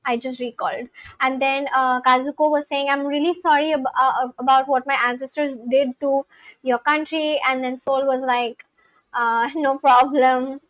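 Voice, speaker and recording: A woman's voice: high-pitched, fairly even intonation, normal speed, a bit bright, no room sound, highs cut off. A woman streamer chatting casually and reading viewer messages aloud, reacting as she goes. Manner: chatty and reactive, with frequent restarts. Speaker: live streamer learning a language.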